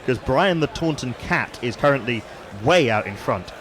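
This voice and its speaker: A man of middling pitch speaking in a measured, analytical way as he chips in with tactics and numbers on live cricket radio. Faint outdoor noise runs beneath his voice. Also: lively intonation, a bit bright. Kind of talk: casual commentary-box chat.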